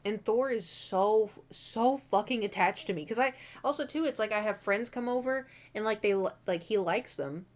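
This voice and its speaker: A young woman chats to her viewers from her room at home, picked up by a desk mic. She rambles candidly, full of "like" and the odd curse, her pitch sitting in an ordinary middle range. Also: normal speed, few pauses. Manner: rambling, candid and swearing, many fillers. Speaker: streamer. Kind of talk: casual chat.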